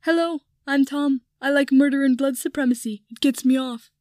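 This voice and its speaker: A woman's voice: high voice, normal speed, a little mellow, no room sound, clean studio sound, pitched above the performer's own voice, close to an everyday voice. A woman reading aloud voices a sneering male villain in a snotty, mocking tone.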